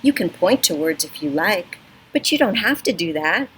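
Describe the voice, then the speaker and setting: On a front porch, a woman librarian with a fairly low-pitched voice reads a picture book aloud to children at normal speed, animated and teacherly as she coaxes them along. The computer webcam recording is rough, with a little hiss or hum and neighborhood sounds in the background.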